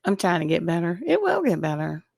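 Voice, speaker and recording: A woman's voice: fairly low pitch, very animated, fairly quick, vocal fry, darkish tone, no room sound, clean studio sound. A woman hosting a casual commentary vlog who gives her opinions bluntly and talks straight to her viewers, her voice weak from allergies and coughing. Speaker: YouTube commentary host.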